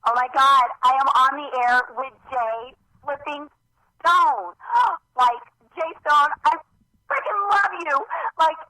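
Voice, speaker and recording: A woman's voice: slow pace, bright, forceful tone, no room sound, heavily acted, low-quality recording. A woman voicing a squealing, breathless young superfan in a comic voicemail. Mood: starstruck. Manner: squealing, breathless, swooping pitch.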